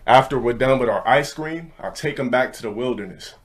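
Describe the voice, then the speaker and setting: A young man rants in a casual storytelling way, with an ordinary mid-range voice. He is blunt, profane and brash, and often rushes ahead mid-thought. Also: medium pitch, husky. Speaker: streamer.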